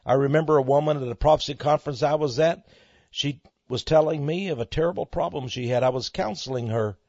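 Texan man preaching, high husky voice, dry muffled lo-fi sound. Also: fairly quick, dry recording. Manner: fervent, swells loud on key words, repeats words. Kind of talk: preached radio sermon.

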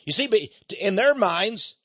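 A man's voice: high voice, lively intonation, a little slow, pushed and bright. An older man hosting a radio ministry show, talking in a folksy, chuckling way with stammering restarts, on dull lo-fi broadcast audio. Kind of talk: conversational radio monologue.

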